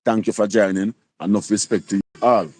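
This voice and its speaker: A man's voice: fairly low pitch, fairly even intonation, brisk, a little mellow, slightly rough. A man in his sixties with a Jamaican accent, chatting casually on a livestream and often asking "you see?" and "you copy?". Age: 60s. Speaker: livestream host.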